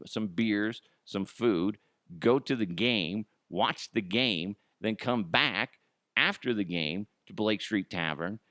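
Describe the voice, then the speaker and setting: A man's voice: fairly low pitch, a bit bright, dry recording, studio quality. A man hosting a solo comedy podcast, swearing freely and laughing at his own jokes. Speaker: podcast host.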